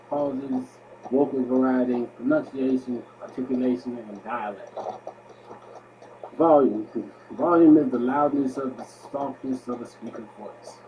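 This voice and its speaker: A man presenting a lesson from his notes, loud on each heading and trailing off quietly at the ends of sentences. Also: medium pitch, lo-fi sound. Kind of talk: reading study notes aloud as a video presentation. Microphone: webcam microphone.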